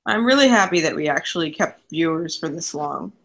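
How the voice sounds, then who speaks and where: A woman's voice: low-pitched, expressive, a little fast. A woman from Chicago with a nasal Midwestern accent, chatting bluntly and casually as a livestream host. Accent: Midwestern American, Chicago. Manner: blunt, swears freely. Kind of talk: casual chat.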